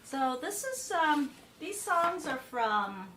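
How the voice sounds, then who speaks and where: Her high, sing-song voice has a sharp tone, and she takes things slowly. This piano teacher muses aloud during a practice session in her home room with a piano, dropping in fillers and asides, while the roomy space carries faint background noise.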